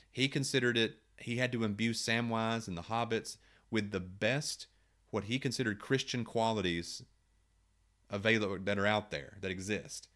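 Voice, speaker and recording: A man's voice: lowish voice, fairly bright tone. A man, a writer, talking casually to camera, thinking aloud with rhetorical questions and frequent restarts.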